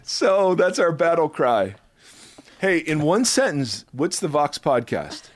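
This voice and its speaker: A man's voice: a little high, big pitch swings, slow, no echo. Upbeat man hosting a faith podcast. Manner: upbeat, playful, closes with a spoken blessing. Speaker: podcast host. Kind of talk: casual podcast chat.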